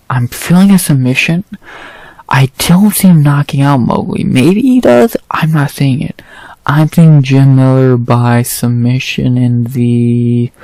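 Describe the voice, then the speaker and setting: A man's voice: medium pitch, no echo. A man giving casual fight predictions, thinking aloud in a rambling, blunt way and swearing freely. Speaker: MMA fight predictions host. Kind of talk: casual commentary.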